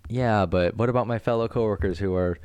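A man's voice: fairly low pitch, fairly quick, a little mellow, smooth, dry recording. A young man from Florida co-hosting a casual podcast, rambling and swearing freely with frequent laughs. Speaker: podcast co-host. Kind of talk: casual chat.

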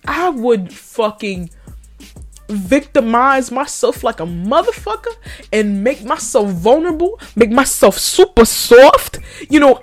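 A woman's voice: sits high, a bit bright. A woman hosting a podcast, ranting in a profane, mocking way and laughing often. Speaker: podcast host. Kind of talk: ranting commentary.

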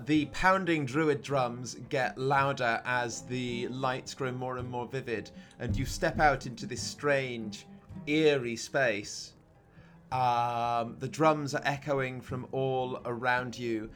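A man's voice: mid-range voice, fairly even intonation, slow, a bit bright, soft background music. A man narrating a tabletop role-playing game as game master, playful and descriptive.

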